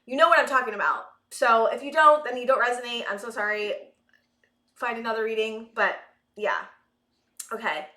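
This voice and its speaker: Woman doing a tarot reading, out of breath, kinda high bright voice, echoey room. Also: normal speed, pauses often. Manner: rambling, searching for words, many fillers and sighs. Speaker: tarot reader. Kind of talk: collective tarot reading to camera.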